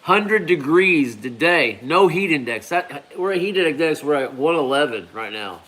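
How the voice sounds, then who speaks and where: A man chats casually on a live stream, his voice sitting a little higher than most men's. He rambles in an easygoing way and drops "man" and "bro" into his sentences as he reads viewer comments. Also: animated, normal speed, a bit bright. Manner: laid-back, rambling, peppers talk with "man" and "bro". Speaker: hot pepper grower hosting a live stream.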